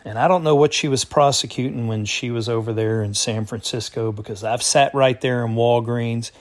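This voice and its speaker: Man, middle pitch, folksy opinion vlog. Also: fairly even intonation, moderate pace. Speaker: political commentary vlogger. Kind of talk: casual monologue to viewers.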